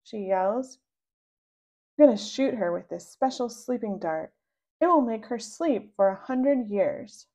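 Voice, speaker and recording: Lively woman reading a children's book aloud. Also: measured pace. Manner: voices the child narrator with sudden high, loud outbursts. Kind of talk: read-aloud storytelling.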